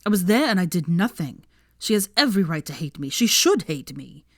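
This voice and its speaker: A woman's voice: fairly low pitch, big pitch swings, brisk, no echo, clean studio sound. A woman voicing a remorseful, desperate young man in a fan fiction reading, with an urgent, pained delivery. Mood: guilt-ridden.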